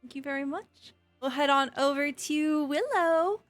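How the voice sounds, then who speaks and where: Woman, game master host, cheerful with easy laughs, slightly high voice, dry close sound. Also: a little slow, dry recording, soft background music. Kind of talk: casual post-game chat.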